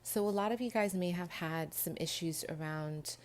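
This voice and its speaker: A woman giving a pick-a-card tarot reading, earnest and emotional, talking straight to her viewers with many pauses and restarts. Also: fairly low pitch. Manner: earnest, emotional, addresses viewers as "you guys"; frequent restarts and fillers, pauses mid-thought. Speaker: tarot reader.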